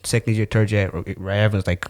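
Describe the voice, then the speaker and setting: A man's voice: lowish voice, flat delivery, fast talker, a little mellow. A man co-hosting a podcast in loose, rambling, slangy casual chat. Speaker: podcast co-host.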